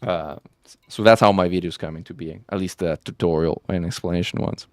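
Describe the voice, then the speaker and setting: A man's voice: low voice, fairly even intonation, brisk, no room sound, clean studio sound. A man casually chatting with viewers on a live stream, rambling and correcting himself as he goes. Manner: rambling, self-correcting, with frequent "um" and "like". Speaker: game streamer.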